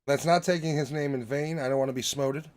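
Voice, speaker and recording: A man's voice: fairly high pitch, steady tone, brisk, slight background noise. A man in his thirties hosting a podcast, joking and swearing his way through a casual chat with friends. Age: 30s. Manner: joking, profane, riffing. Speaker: podcast host. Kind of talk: casual crude banter.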